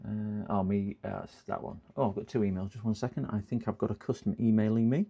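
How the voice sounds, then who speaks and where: Gravelly chatty man repairing computers. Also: lowish voice, steady tone, fast, dull audio. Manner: rambling, chatty, thinks aloud while working. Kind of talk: casual live-stream chat with viewers.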